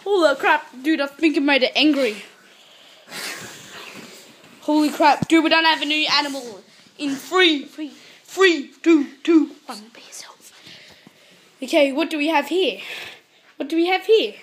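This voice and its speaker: A woman vlogging as she jokingly spots animals, excitable, going from hushed to yelling. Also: high-pitched, a little slow, long pauses, a little hiss or hum. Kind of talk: joking mock wildlife spotting.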